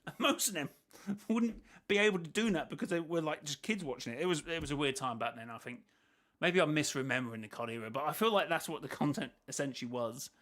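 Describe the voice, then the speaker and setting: A man's voice: a little high, quick pace, a bit bright. A man hosting a casual reaction stream, rambling and second-guessing himself as he thinks aloud. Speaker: host reacting to a video.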